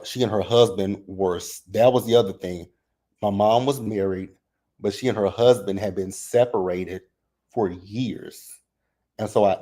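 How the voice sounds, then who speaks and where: A man's voice: lowish voice, warm tone. A man in his thirties hosting a casual livestream recap, open and emotional as he talks about his family and fights back tears. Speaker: reality TV recap host.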